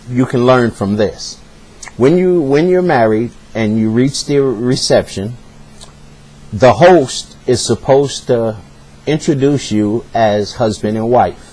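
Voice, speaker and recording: A man's voice: medium pitch, a little mellow. A man telling a personal story in a casual, earnest way, sounding hurt and speaking straight to the listener.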